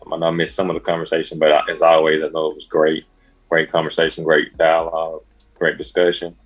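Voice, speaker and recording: A man from Mississippi, a therapist co-hosting a podcast, calmly signing off with encouragement. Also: rumbling low, fast. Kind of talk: casual sign-off.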